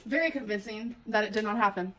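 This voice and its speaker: A woman's voice: mid-range voice, fast talker. A young woman vlogging in a casual late-night chat, tired and loopy, laughing often. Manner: giggly, animated.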